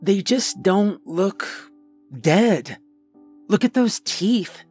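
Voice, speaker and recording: A timid young woman park ranger of twenty, her voice squeaky and nervous, pitched well up, as a male narrator puts her on. She speaks in a horror story reading. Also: lively intonation, normal speed, faint music behind. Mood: frightened.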